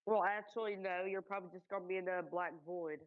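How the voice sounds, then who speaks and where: A woman's voice: on the low side, fairly even intonation, fast, dry recording, phone-quality sound. A woman on a voice call with a streamer, bantering and teasing in a playful way. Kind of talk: casual voice chat banter.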